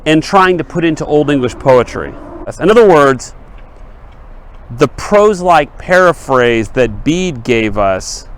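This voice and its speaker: A man teaching literature in an explanatory lecture, reading verse lines aloud and checking in with his listeners. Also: medium pitch.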